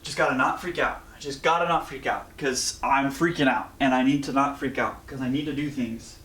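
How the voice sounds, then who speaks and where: A man's voice: mid-range voice, fairly even intonation, brisk, fairly bright tone. A young man vlogging casually in a rambling, anxious way, with lots of fillers. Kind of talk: casual vlog.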